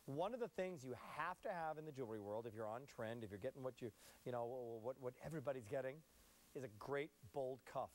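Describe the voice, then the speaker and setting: A man's voice: medium pitch, animated, quick pace. A man hosting a live shopping channel broadcast in an upbeat, chatty sales patter.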